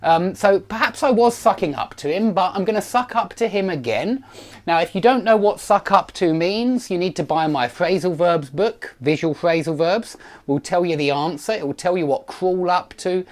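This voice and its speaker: A man's voice: sits high, normal speed. A middle-aged man teaching an online grammar lesson, chatty and digressive, with self-deprecating asides. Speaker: English teacher.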